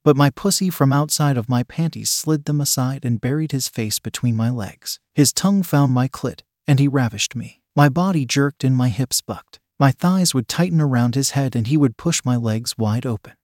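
A man narrating an erotic story in the first person, with a steady, unhurried reading manner. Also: medium pitch, no room sound, studio quality.

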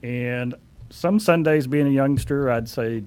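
A man in his forties, a company CEO, being interviewed and telling anecdotes in a relaxed way with frequent fillers. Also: mid-range voice, a little slow, clean tone. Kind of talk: conversational storytelling.

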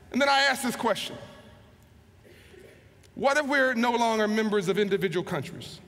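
A man giving a storytelling motivational speech to an audience. He often repeats words as he goes and slows down for emphasis. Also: very high voice, fairly bright tone. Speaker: motivational speaker. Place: large hall, live event. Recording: long hall reverb.

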